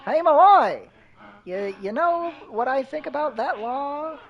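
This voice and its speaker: Man doing a news anchor voice, high and loud, brash, hammy broadcast delivery. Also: animated, takes it slowly, dull audio, full character voice.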